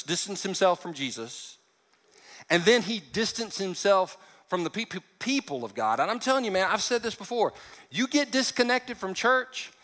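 A male pastor preaching a sermon, animated and joking, acting out the characters as he tells the story. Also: high-pitched, long reverb tail. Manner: animated, joking asides, acts out quotes.

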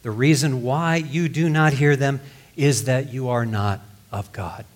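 A man's voice: medium pitch, a little slow. A man preaching a sermon, reading scripture aloud and explaining it in plain words. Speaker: pastor.

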